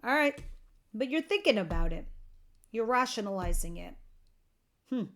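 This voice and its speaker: A woman's voice: on the high side, very animated, normal speed, a bit bright. A woman giving a tarot reading to camera, chatty and earnest, talking straight to her viewers, a bit tired and yawning. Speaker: tarot reader.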